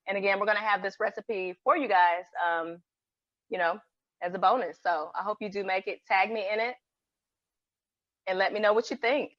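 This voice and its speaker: A woman's voice: mid-range voice, steady tone, normal speed, long pauses, no room sound. Enthusiastic woman in her forties, dry audio. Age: 40s. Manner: enthusiastic, affirming. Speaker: guest, vegan cook. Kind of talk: live video podcast chat. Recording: dry, dull-sounding audio.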